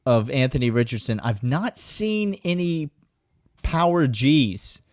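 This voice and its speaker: A man's voice: medium pitch, very animated, slow pace, no room sound, clean studio sound. A man co-hosting a sports podcast, sarcastic and mock-serious. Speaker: podcast co-host. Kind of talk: casual sports chat.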